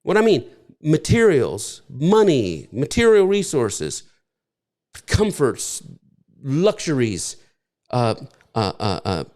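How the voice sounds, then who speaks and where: A man's voice: mid-range voice, wildly swooping pitch, takes it slowly, pauses often, darkish tone. A male pastor preaching a conversational sermon, repeating points and restarting phrases as he works through his teaching.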